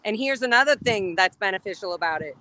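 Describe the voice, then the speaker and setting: A woman's voice: medium pitch, lively intonation, fast, pushed and bright, poor audio. A woman live-streaming outdoors on a phone, chatty and playful, giggling often. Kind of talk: casual live-stream chat. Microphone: phone on a selfie stick.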